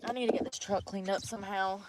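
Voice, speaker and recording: A woman's voice: medium pitch, fairly even intonation, fast, very noisy. A breathless woman, rambling and cursing freely as she vlogs live outdoors in the snow by a river on a handheld phone. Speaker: vlogger. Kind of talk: casual livestream chat.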